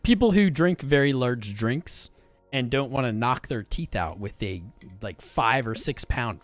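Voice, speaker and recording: A young man hosts a casual livestream, talking straight to his viewers in an excitable, informal way. His pitch swings widely as he speaks. Faint music plays underneath. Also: a little slow. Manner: animated, swearing, informal and excitable. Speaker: crypto livestream host. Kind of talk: casual livestream chat reading viewer comments.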